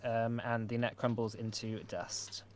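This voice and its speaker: A young man, the game master, casually running a tabletop game with hesitant pauses. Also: medium pitch, slight background noise. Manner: relaxed, hesitant, many filler sounds.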